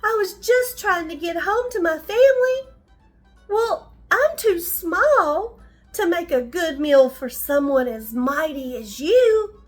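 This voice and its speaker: An older woman voicing a tiny, timid male mouse who squeaks and begs politely in a bedtime story. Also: lively intonation, slow, soft background music, full character voice. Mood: pleading. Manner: squeaky, begging.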